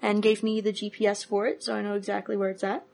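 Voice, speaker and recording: A woman playing her character in a tabletop role-playing game, talking in a casual, laid-back, drawn-out way. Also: mid-range voice, level tone, gravelly, darkish tone. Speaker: player.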